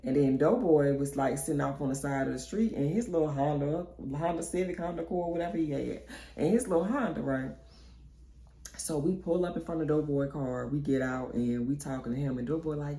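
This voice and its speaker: Young woman storyteller, animated and laughing, echoey room. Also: deep voice, brisk. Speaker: storyteller vlogger. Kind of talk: casual storytime. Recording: roomy echo.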